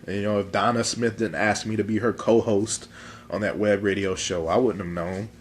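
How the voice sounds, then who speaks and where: A congested man with a fairly low voice rambles casually to his phone camera. His talk is loose and goofy, full of fillers and restarts. There is a faint hiss of background noise behind him. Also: steady tone, normal speed. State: congested, sore throat. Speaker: vlog host.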